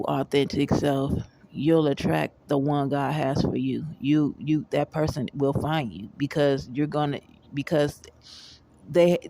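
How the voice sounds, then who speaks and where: A woman's voice: sits low, gravelly, mellow. A woman vlogger giving a casual motivational monologue in a rambling, repetitive, emphatic way.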